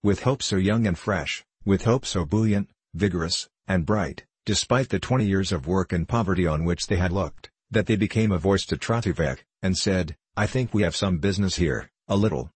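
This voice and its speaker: A man narrating an audiobook of a classic novel with a measured, steady delivery. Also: low-pitched, breathy edge, no echo.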